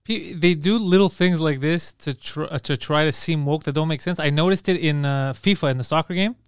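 A man's voice: a little high, fairly quick, smooth, dry recording, studio quality. A young man co-hosting a casual podcast, telling stories animatedly and laughing often. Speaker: podcast co-host.

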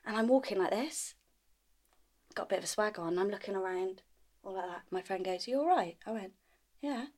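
Woman on a chat podcast, mid pitch, giggly, acts out her stories. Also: brisk, long pauses. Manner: animated storytelling, laughs often, acts out her own lines. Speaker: podcast co-host. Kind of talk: casual chat.

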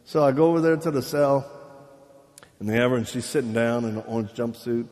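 During a live sermon, a man tells stories full of jokes, acting out the voices of people he quotes and laughing at his own humor. His medium-pitched voice moves a little fast and lively. The recording has a long hall reverb.

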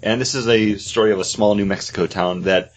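A man's voice: fairly low pitch, steady tone, fairly quick, slight background noise. A man co-hosting a casual podcast chat, enthusiastic, often restarting his sentences. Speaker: podcast co-host.

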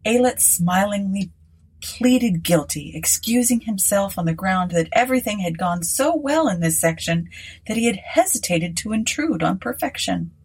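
A woman narrating a story in a measured, unhurried way with a breathy voice. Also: mid-range voice, expressive, a little mellow, low-quality recording.

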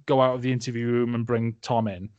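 A man's voice: medium pitch, flat delivery, fast, highs cut off, background noise. A young man in a casual film-review chat, rambling and sarcastic, often laughing and putting on silly voices. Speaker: podcast host.

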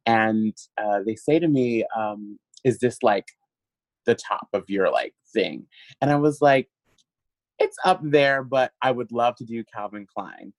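A man being interviewed, telling a long story in an animated way, laughing often and using lots of fillers. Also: mid-range voice, measured pace, dry recording, poor audio. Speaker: guest. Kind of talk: casual interview chat.

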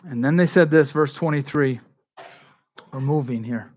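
A male pastor preaching a sermon in a conversational way, slipping into quick voices for the people in the story. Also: medium pitch.

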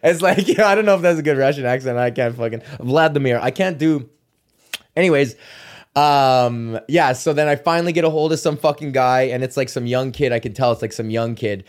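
A man's voice: mid-range voice, fast talker, hardly any pauses, clear, resonant tone. A man hosting his own podcast in a casual rambling monologue, swearing often and restarting sentences. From Canada. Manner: profane, rambling, with many restarts. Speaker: podcast host.

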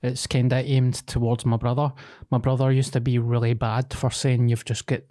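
A man's voice: medium pitch, level tone, normal speed, dark tone. A man in his thirties with a Scottish accent, telling personal stories frankly and with plenty of swearing in casual podcast chat. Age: 30s.

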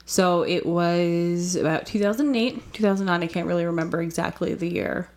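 An American woman co-hosting a podcast, chatty and quick to laugh. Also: fairly low pitch, darkish tone. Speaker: podcast co-host. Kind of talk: casual podcast chat.

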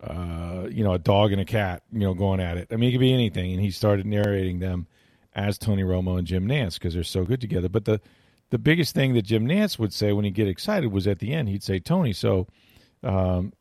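A man chatting about football as a guest analyst, rambling and restarting his sentences with plenty of fillers. His voice sits on the low side, and the sound is close and dry with no room around it. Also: brisk, darkish tone, dry recording. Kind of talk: casual radio chat.

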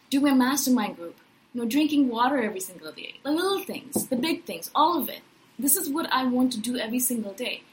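A podcast host in her thirties delivers a casual personal monologue with enthusiasm and animation, frequently ending her points with "right?" Her voice is high, and the recording quality is low.

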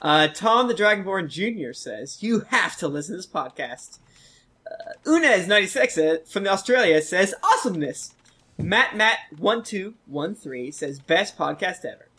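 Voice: medium pitch, very animated, moderate pace, sharp tone, slightly rough. A podcast regular in casual chat, playfully reading listener reviews aloud with jokey asides. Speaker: podcast cast member.

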